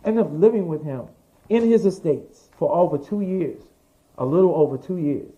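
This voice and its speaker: A man being interviewed as a fashion designer, telling his story in a lively, profane way and acting out the voices of the people he quotes. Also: a little high, normal speed, highs cut off.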